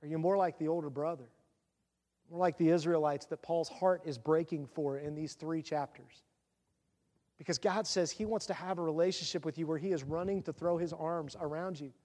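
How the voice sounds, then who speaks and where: A man's voice: fairly high pitch, fairly even intonation, normal speed, darkish tone, long reverb tail. A middle-aged man preaching an earnest, confessional sermon as pastor.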